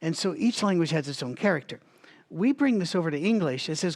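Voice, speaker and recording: A man's voice: high-pitched, expressive, quick pace. A man leading a Bible study in a conversational teaching style, thinking aloud with asides and restarts, and coughing now and then. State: has a recurring cough.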